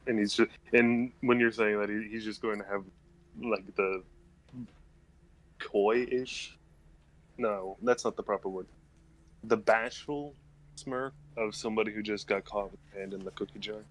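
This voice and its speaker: A man's voice: on the low side, steady tone, unhurried, pauses often, poor audio. A man playing a tabletop game, describing his character while searching for the right word and correcting himself. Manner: searching for words, self-correcting. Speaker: player. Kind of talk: casual tabletop play.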